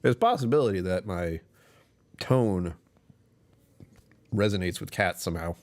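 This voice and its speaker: A man hosting a casual livestream, rambling and self-deprecating as he chats with viewers and chuckles often. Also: moderate pace. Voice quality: deep voice that sometimes drops even lower. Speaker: live streamer hosting his channel.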